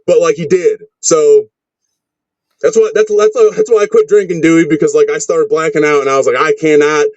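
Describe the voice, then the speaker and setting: A man's voice: fairly high pitch, a little fast, darkish tone, no room sound. Rambling, foul-mouthed man wrestler. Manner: rambling, swears constantly, restless. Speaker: wrestler, podcast guest. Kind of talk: casual profane interview chat. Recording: dull lo-fi sound.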